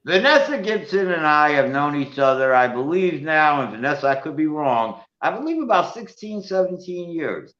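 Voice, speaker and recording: Sarcastic New man, lively pitch, echoey room. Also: normal speed, hardly any pauses. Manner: needling, sarcastic questioning. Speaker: co-host. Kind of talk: casual political chat show. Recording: echoey, slightly dull studio sound.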